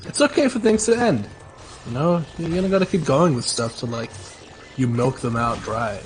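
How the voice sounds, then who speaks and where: A man's voice: medium pitch, lively intonation, a little hiss or hum. A man chatting casually with friends, easygoing, chiming in with questions and agreement. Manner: easygoing, reacts with quick questions. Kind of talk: casual chat among friends.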